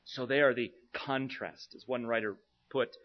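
A man preaching an expository sermon, earnest, swinging between emphatic passages and quiet ones. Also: mid-range voice, fairly even intonation, normal speed. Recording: dull lo-fi sound.

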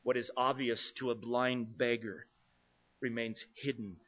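A man's voice: medium pitch, steady tone, measured pace. Earnest male preacher, muffled sound. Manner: earnest, rising to emphatic and dropping to quiet. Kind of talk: expository sermon. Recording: dull lo-fi sound.

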